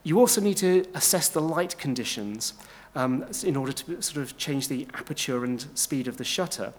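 Male lecturer, middle pitch, measured delivery with ums and restarts. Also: animated. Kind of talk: illustrated history talk.

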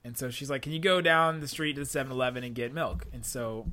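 A young man, co-hosting a casual podcast and telling a story in an animated way with frequent laughs. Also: mid-range voice, fast talker. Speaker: podcast host.

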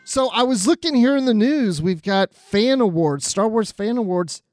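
A man co-hosting a casual podcast chat, telling stories in a relaxed, easygoing way. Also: high-pitched, normal speed. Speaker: podcast co-host.

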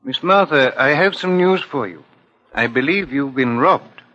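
An actor playing a calm, persistent detective asking measured questions in a 1950s radio drama. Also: male voice, mid-range voice. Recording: lo-fi old radio broadcast.

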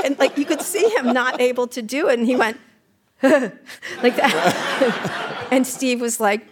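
A woman's voice: fairly high pitch, measured pace, slight background noise. A woman in her sixties being interviewed on stage about her memoir, telling irreverent, profane anecdotes and mimicking the people in them. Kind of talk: candid storytelling on stage. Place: live event stage.

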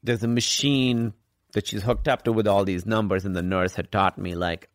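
A man's voice: on the low side, steady tone, normal speed, dry recording, studio quality. A man candidly telling a personal story as a guest in a conversation, rambling and swearing casually.

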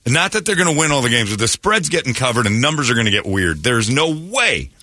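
A man's voice: mid-range voice, very animated, fast talker, bright, forceful tone, no room sound. A man hosting a morning radio show, bantering in a brash, joking way. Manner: brash, joking, slips into mock voices.

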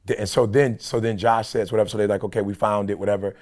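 A man with a lowish voice tells a story on a podcast call, lively and quick to act out what others said. His voice sits below the usual for men, and the talk stays loose and conversational. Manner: animated, quoting people in dialogue. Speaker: podcast co-host. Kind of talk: casual storytelling. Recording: conference call.

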